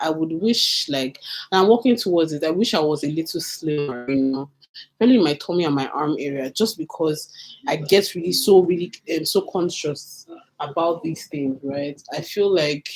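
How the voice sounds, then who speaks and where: A woman's voice: sits low, darkish tone. A woman in her thirties chatting casually to her viewers, candid and talkative, repeating phrases for emphasis. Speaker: vlogger answering viewer questions. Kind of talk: casual get-to-know-me chat.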